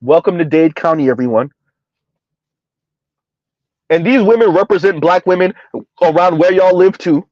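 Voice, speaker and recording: In a muffled recording lacking any room sound, a high-voiced man with a darkish tone hosts a reaction commentary from South Florida for his channel. His delivery is emphatic and sarcastic, with drawn-out, repeated words and a frequent rhetorical "huh?".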